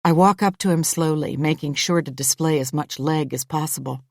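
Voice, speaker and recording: A woman reads a first-person thriller audiobook in a low register. Her delivery is intimate and measured. The recording is dry and close, with no room around it. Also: no room sound. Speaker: audiobook narrator.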